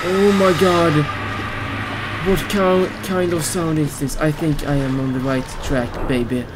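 A man giving let's play commentary on a horror game as a gaming YouTuber. He yells in fright at the game and cracks goofy jokes. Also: fairly high pitch, little pitch movement, measured pace, noisy background.

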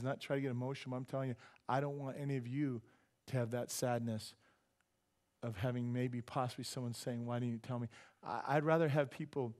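A man's voice: mid-range voice, a little mellow. A man preaching as a pastor, telling personal stories with animation and building to a fervent, rising prayer. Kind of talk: sermon.

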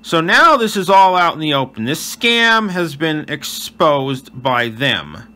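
A man's voice: on the high side, sing-song, slow pace, sharp tone. A male channel host giving earnest voice-over commentary on gameplay and reading chat aloud. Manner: wishes viewers a blessed day.

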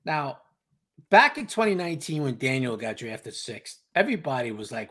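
A man's voice: mid-range voice, sing-song, normal speed, a bit bright, breathy edge. A man co-hosting a casual sports talk show, emphatic and repetitive, acting out the reactions of others. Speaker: podcast co-host.

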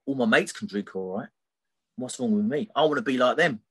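Speaking fairly quickly in a husky, medium-pitched voice with a slightly bright edge, a middle-aged man shares a personal story as a podcast guest. He's loose and candid, wandering off track and checking in again and again with "right?" The recording is dry.

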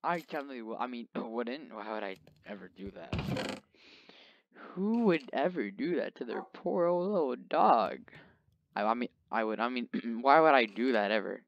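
He's a gamer with a creaky, mid-range voice, animated and at normal speed, rambling casually through his gameplay. He jokes and talks to his in-game pet, all captured on a dull lo-fi mic.

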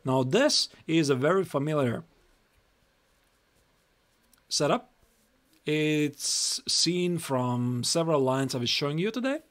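A man's voice: on the high side, animated, takes it slowly, long pauses, fairly bright tone. A young Latvian man with a Latvian accent giving a chatty live-stream chess lesson, reading moves aloud and repeating himself.

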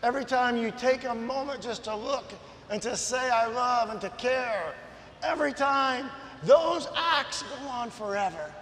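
Guy preaching slow and high, big echoey church hall, goes from quiet to yelling. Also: a little hiss or hum. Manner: impassioned, swings from soft to shouting. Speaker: guest preacher. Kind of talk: sermon. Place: large church sanctuary.

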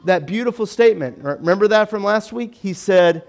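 Man, pastor, casual church sermon, high voice, chatty, animated, self-deprecating asides. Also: fairly quick, vocal fry.

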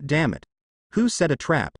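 Man as pushy small boy, raised pitch, bossy and loud. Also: huge pitch swings, a little slow, husky, no echo, clean studio sound, heavily acted. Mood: boastful. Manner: bossy, boastful shouting. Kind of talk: reading a fan story aloud.

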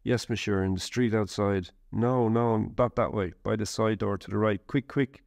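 A man voicing an urgent French nursing sister in a read-aloud war memoir, giving hurried warnings. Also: on the low side, steady tone, gravelly, darkish tone, no room sound, clean studio sound.

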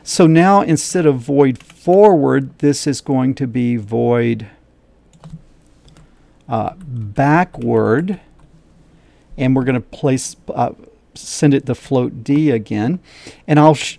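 A man's voice: mid-range voice, unhurried, creaky, mellow, dry recording. A middle-aged man teaching a coding lesson while he shares his screen, thinking aloud, repeating steps and checking his own work.

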